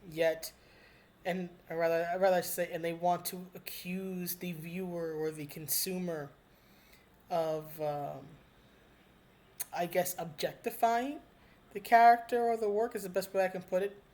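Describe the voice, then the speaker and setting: A commentator talking straight to camera in a casual, earnest way, often restarting sentences and filling pauses with "uh.". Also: medium pitch, steady tone, a little mellow. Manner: rambling and hesitant, with frequent restarts and fillers; earnest and heartfelt. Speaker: video commentator.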